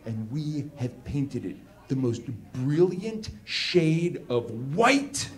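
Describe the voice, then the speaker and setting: A man voicing a solemn, grandiose male film director who speaks slowly in a hushed, theatrical build-up. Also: fairly high pitch, sing-song.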